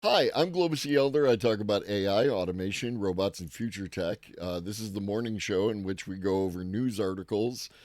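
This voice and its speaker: A man's voice: fairly low pitch, brisk, hardly any pauses, darkish tone, no echo, clean studio sound. A man hosting a live tech-news commentary stream, talking casually and profanely with a rambling manner while greeting chat viewers.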